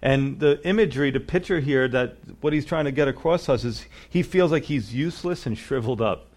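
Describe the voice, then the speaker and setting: A man's voice: mid-range voice, fairly quick, darkish tone. A man preaching a sermon, earnest and emphatic, often adding "you know" and "you see". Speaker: pastor.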